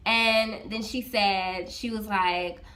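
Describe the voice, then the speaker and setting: A woman's voice: mid-range voice, slow. A woman who works as a freelance social media manager, casually recounting a story to her camera with lots of "I was like" asides and acted-out dialogue. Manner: animated, retells dialogue with many "I was like" asides.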